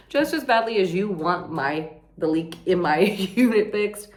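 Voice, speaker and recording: A woman's voice: mid-range voice, expressive, unhurried, a little hiss or hum. A young woman venting in a casual vlog, exasperated and rambling, swearing freely. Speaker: vlogger.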